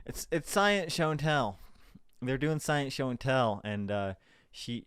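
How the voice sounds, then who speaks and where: A man's voice: mid-range voice, a bit bright. A young man reacting to a clip, sarcastic and profane, rambling and restarting his sentences. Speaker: reaction video host. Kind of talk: casual commentary over a played clip.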